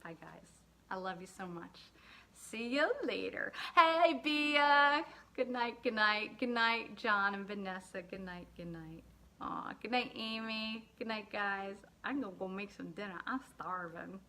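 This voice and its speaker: A woman, an author, hosting a casual livestream and chatting with viewers, giving shout-outs and laughing asides. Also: medium pitch, unhurried. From lived in the US state of Georgia.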